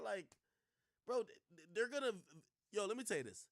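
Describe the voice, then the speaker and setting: A man streaming and reacting to clips in casual, animated talk, full of slang, swearing and repeated words. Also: high voice, fairly quick, no room sound, studio quality.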